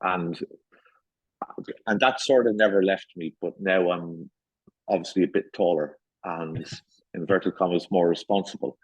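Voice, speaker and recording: A middle-aged man hosting a casual podcast chat, telling stories playfully with lively retellings. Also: low voice, unhurried, breathy edge, no echo. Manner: playful storyteller, animated retelling. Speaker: guest host. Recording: muffled lo-fi sound.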